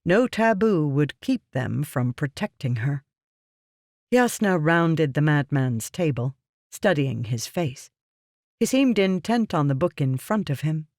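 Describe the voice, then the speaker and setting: A measured audiobook narrator reading a fantasy novel at an unhurried, deliberate pace. The recording is dry and close, with no room around the voice. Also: medium pitch, dry recording. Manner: measured, even storytelling.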